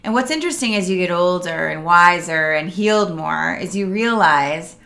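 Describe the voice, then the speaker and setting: Middle-aged female coach, earnest and animated, bright tone, casual address to camera. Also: on the low side, moderate pace, vocal fry. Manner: earnest, animated, acts out quotes. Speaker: emotional wellness coach.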